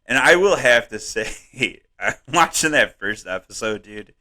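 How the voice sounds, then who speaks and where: A man co-hosting a comedy podcast, rambling and swearing in casual chat, laughing often and jumping up in pitch when worked up. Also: a little slow. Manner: animated, voice jumps up when worked up. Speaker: podcast co-host.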